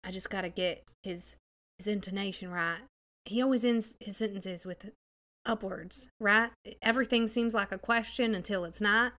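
Woman player, nervous, bright forceful voice, casual game talk. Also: medium pitch, normal speed. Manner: nervous, self-doubting. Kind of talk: casual tabletop role-play.

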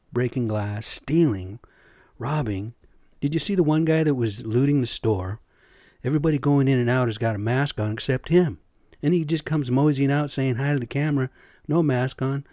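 A man's voice: medium pitch, mellow, no echo, studio quality. A middle-aged man ranting bluntly in a casual monologue, swearing often and tagging lines with "right?" and "okay?". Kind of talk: impassioned personal rant.

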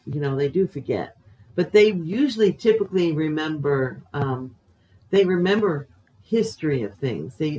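A man's voice: a little high, darkish tone, poor audio. A man co-hosting a podcast in casual chat who teases and laughs easily, then gives earnest advice.

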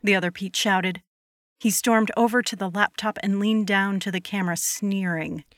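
A woman narrating a scripted horror story at a measured pace. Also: mid-range voice, fairly even intonation, a bit bright, no room sound, clean studio sound.

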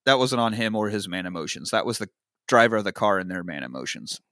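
A man co-hosting a podcast, recapping a movie with lively quoted lines, swearing and laughs. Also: fairly low pitch, fast talker, no room sound, clean studio sound. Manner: animated retelling, quoting characters, swearing, laughing. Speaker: podcast co-host. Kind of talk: casual movie recap chat.

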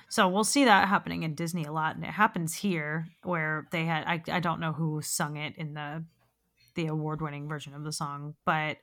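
A woman co-host in casual conversation about an old animated film, her voice sitting a little low for a woman. She talks in an animated way, laughs often and swears without care. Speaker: podcast co-host. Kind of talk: casual film discussion chat.

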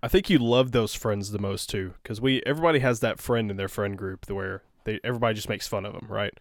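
A man's voice: on the low side, fast, dry recording, clean studio sound. A man joking and swearing in casual podcast talk with friends. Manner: joking, profane. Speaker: podcast co-host.

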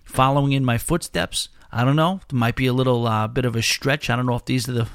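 A man's voice: medium pitch, fairly even intonation, fast talker, clear, resonant tone, no echo, studio quality. A man hosting a podcast, chatting casually in a loose, rambling way, with many restarts. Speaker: podcast host.

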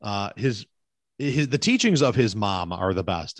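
A man's voice: on the low side, animated, unhurried, dry recording, studio quality. A man co-hosting a casual movie podcast over a video call, rambling and correcting himself as he talks. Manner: rambling, self-correcting, chatty. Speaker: podcast co-host. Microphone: remote video call recording.

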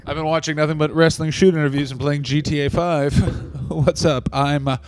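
A man's voice: fairly high pitch, fairly even intonation, normal speed, dry recording. A man in his thirties co-hosting a comedy podcast, ranting in casual chat with profane bursts of mock outrage. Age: 30s.

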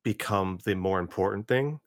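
A man hosts a casual interview, thinking aloud in loose, rambling sentences full of restarts. His voice sits fairly low. The sound is dry, with no room echo. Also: moderate pace. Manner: relaxed, rambling, many restarts. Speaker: host.

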